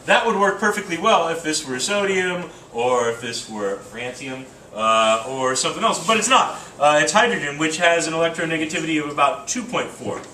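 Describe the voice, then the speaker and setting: A man's voice: fairly high pitch, bright, forceful tone, a little hiss or hum. A man teaching chemistry to a class, casual and joking, thinking aloud with fillers. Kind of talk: classroom lecture. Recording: roomy classroom from a distance.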